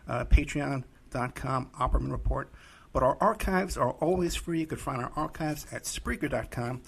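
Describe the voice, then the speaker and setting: Gravelly, husky male podcast host. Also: medium pitch, normal speed, a bit bright. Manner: casual, loose delivery with many fillers. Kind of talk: podcast interview hosting.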